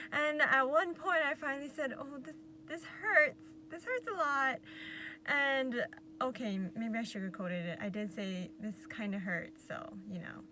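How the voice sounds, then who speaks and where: A woman vlogger telling a personal story to camera in a casual, animated way, laughing often and acting out what was said. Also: high voice, a little hiss or hum. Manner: animated, laughing often, acts out quotes with sighs. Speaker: vlogger recounting a patient experience.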